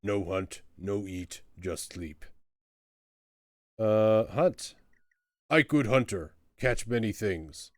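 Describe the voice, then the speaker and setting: A man voicing a starving male troll in a cell, grunting out halting broken speech. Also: on the low side, no room sound, studio quality. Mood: gruff.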